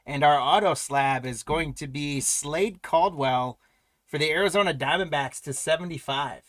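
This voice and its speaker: A man's voice: fairly high pitch, normal speed, a bit bright, no echo, studio quality. A man hosting a live trading card break, announcing pulls and congratulating buyers in an upbeat, chatty way.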